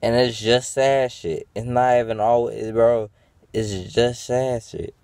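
A man's voice: medium pitch, little pitch movement, slow, a little mellow, clear, resonant tone, dry recording. A man venting in a rambling, profane monologue to his viewers, full of fillers and restarts. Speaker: vlogger.

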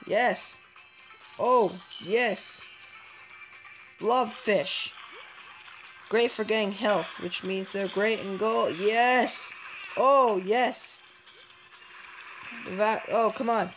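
A woman's voice: medium pitch, extremely slow, pauses often, fairly bright tone, soft background music, rough recording. A woman giving casual, playful let's-play commentary as she plays, chatting to herself and taunting enemies in a mock-villain way. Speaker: gameplay commentator.

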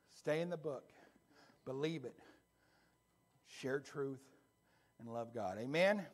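A man pastor preaching a conversational sermon that builds into a loud, fervent closing prayer. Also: medium pitch, slow, long pauses, husky. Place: church sanctuary.

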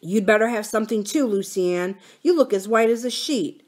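A woman reading aloud, voicing a brave, practical schoolboy who calms the others in an earnest, steady voice. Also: medium pitch, brisk, close to an everyday voice. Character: boy, brave, practical and reassuring.

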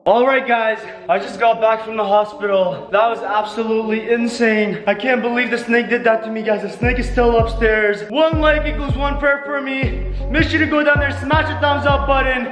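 A young man narrating his vlog in an excitable way, gasping often. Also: very high-pitched, normal speed, reverberant, soft background music. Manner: excitable, keeps gasping "oh my God". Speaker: vlogger.

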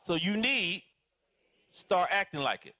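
A man preaching a sermon as pastor, animated and calling out to his congregation for responses. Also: high voice, takes it slowly. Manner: animated, dramatizing prayers in different voices.

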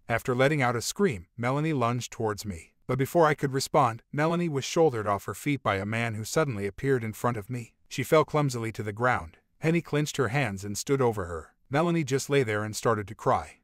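A man reads a first-person relationship story in a steady, even way. His voice sits at a middle pitch and is recorded dry and close, with no room echo. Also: fairly quick, few pauses. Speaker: story narrator.

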